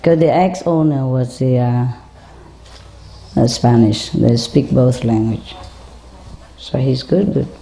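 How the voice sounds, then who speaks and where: Low mellow lady talking slow and sweet to a bird, little hiss behind. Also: vocal fry. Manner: gentle coaxing, chuckling often. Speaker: spiritual teacher speaking to a group. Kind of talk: casual talk to an audience and a pet bird.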